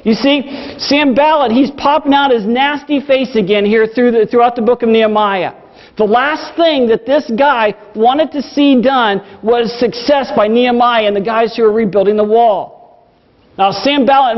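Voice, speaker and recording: A man's voice: very high voice, normal speed. A male pastor preaching a sermon, earnest, driving points home with repetition. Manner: earnest, storytelling with emphatic repetition. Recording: dull lo-fi recording with long hall reverb.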